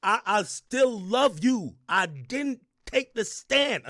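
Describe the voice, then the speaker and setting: A man voicing a woman pleading with her ex to take her back, in a slow, whiny, mocking impression. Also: very high voice, expressive, a bit bright, no echo, clean studio sound, voice pushed up, full character voice.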